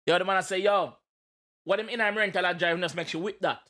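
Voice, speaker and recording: High-voiced Jamaican man reacting loudly. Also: lively intonation, normal speed. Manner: loud, playful, chants and shouts in patois. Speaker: reaction video host. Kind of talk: animated reaction commentary.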